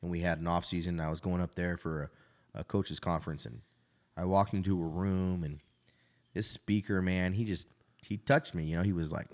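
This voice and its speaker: A man's voice: sits low, fairly even intonation, a little fast, darkish tone. A man in his thirties, a restaurant owner, telling his life story in casual, frank conversation and often adding "right?". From Idaho.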